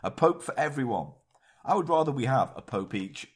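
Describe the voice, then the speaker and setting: A man's voice: medium pitch, sing-song, fairly quick, husky. A man co-hosting a podcast, swearing and joking in casual chat. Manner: sweary, jokey, breaks into silly voices. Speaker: podcast co-host.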